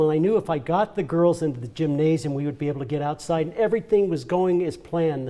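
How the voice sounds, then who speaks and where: A man's voice: on the high side, warm tone. An older man giving an earnest, emotional speech at a charity event. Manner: earnest, emotional storytelling with repeats. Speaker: honoree speaking at a charity event. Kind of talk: heartfelt personal speech.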